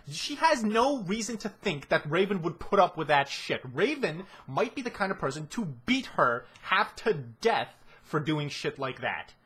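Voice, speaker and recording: A man's voice: on the high side, fairly bright tone, husky. A man giving a ranting analysis of a show, exasperated and swearing heavily. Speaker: video commentator.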